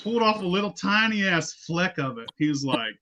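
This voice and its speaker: Guy cussing and laughing thru a story, high voice, sharp tone. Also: sing-song, fairly quick. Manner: profane, laughing, loud storyteller. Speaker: podcast host. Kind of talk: casual storytelling.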